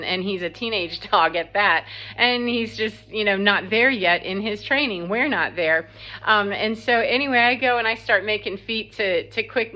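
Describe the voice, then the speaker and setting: A woman's voice: medium pitch, dull audio. A woman casually telling a long, rambling personal story, laughing often and quoting herself and others. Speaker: spiritual vlogger.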